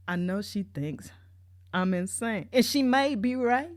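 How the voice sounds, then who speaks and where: A woman telling a humorous personal story in an animated, playful way. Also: medium pitch, a little slow, dry recording, studio quality. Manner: animated, playful, lots of voice jumps.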